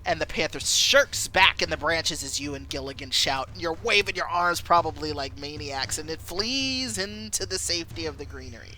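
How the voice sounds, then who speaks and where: A woman streamer reading a story game aloud, animated and giggly. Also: sits low, moderate pace, few pauses. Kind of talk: live-stream game narration.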